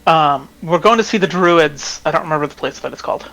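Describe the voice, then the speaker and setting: A man's voice: a little high, brisk, pushed and bright, faint music behind, rough recording. A man playing in a tabletop game, sheepish and unsure of the details. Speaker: player. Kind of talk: casual tabletop banter.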